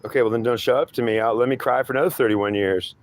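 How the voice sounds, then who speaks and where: A man voicing a frustrated, weepy man who has long searched for god, whiny and defensive, pitched above his usual voice, in an improvised two-voice monologue. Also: fairly even intonation, fast talker, close to an everyday voice.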